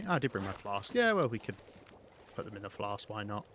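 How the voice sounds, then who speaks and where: A British man talks through a live game stream in a low, easygoing register. He thinks aloud in loose, rambling sentences full of ums and restarts. Faint noise hums underneath his voice. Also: big pitch swings, fairly quick, a bit bright. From Britain. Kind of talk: live gameplay commentary.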